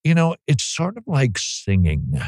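A man's voice: mid-range voice, huge pitch swings, a little slow, a little mellow, husky, no echo, studio quality. A man hosting a talk radio show, chatting casually with joking, self-deprecating asides.

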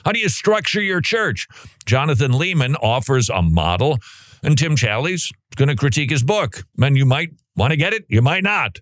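A man's voice: medium pitch, very animated, moderate pace, fairly bright tone, no room sound, clean studio sound. A man hosting a Christian radio show, talking casually and rambling, with asides to his co-host and appeals to listeners.

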